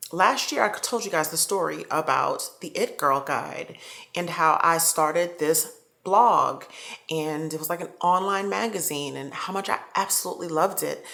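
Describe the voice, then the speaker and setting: Woman, low voice, casual vlog chat, heartfelt, repeats phrases. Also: vocal fry, pushed and bright. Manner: heartfelt, chatty, repeats herself for emphasis. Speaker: YouTuber. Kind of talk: casual vlog talk to viewers.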